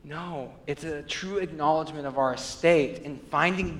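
A pastor preaching in a sermon, his voice a bit high for a man, dropping low and soft before climbing to loud, urgent peaks. A long reverb trails every phrase, as in a large hall. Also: animated, unhurried, few pauses. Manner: preaching with wide swings between quiet, low passages and loud, high climaxes.

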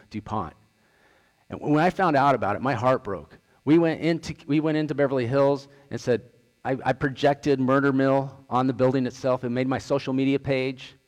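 A man's voice: mid-range voice, darkish tone. Man giving a talk in a reverberant hall. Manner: earnest, storytelling, retells dialogue. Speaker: outreach director. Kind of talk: presentation talk with slides.

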